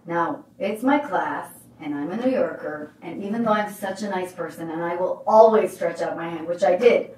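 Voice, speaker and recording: Brief: expressive woman motivational coach, story-driven delivery, recorded from a distance in a roomy space. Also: lowish voice, fairly quick, few pauses. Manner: emphatic, animated storyteller. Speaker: life coach.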